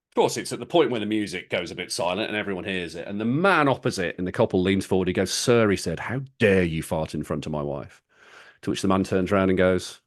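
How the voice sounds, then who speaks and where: A middle-aged man, a guest coach and comedian, chatting casually and telling a long joke with a rambling, jokey manner. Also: deep voice. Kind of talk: casual chat, storytelling.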